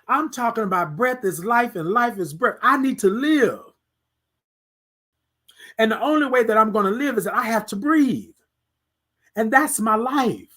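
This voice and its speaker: An emphatic podcast host delivers a motivational monologue. The talk is built on repeated rhetorical questions and speaks straight to the listeners. At times the voice turns soft and coaxing, as if talking to itself. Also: medium pitch. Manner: speaks to self by name, soft and coaxing in places.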